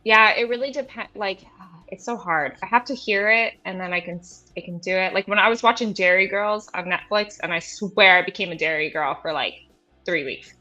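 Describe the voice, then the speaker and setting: Bright, playful woman co-host. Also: medium pitch, brisk, dull audio, faint music behind. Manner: playful, teasing. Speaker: co-host of a paranormal podcast. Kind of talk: casual live-stream chat.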